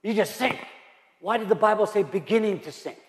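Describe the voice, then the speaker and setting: Emphatic high-voiced male pastor in a roomy hall. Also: a little fast. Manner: emphatic, repetitive preaching with rhetorical questions. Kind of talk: sermon.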